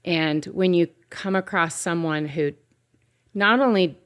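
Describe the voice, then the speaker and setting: A woman's voice: fairly low pitch, measured pace. A woman pastor hosting a faith podcast, chatting casually and telling a story with acted-out quotes. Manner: animated storyteller, acts out quoted voices. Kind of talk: casual conversation.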